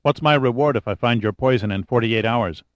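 A man's voice: medium pitch, fairly quick, no room sound, close to an everyday voice. A man voicing an arrogant, charming male adventurer who talks in a dry, clipped, sardonic way in an audiobook.

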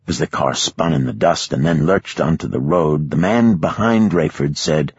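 A man reading an audiobook in a measured, expressive scripted narration. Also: extremely low pitch, husky, dry recording, highs cut off.

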